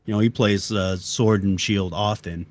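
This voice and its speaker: Soft-spoken man explaining game mechanics. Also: fairly low pitch, fairly even intonation, moderate pace, no echo. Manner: detailed, technical explanations, soft-spoken asides. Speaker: player being interviewed. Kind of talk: casual gaming chat.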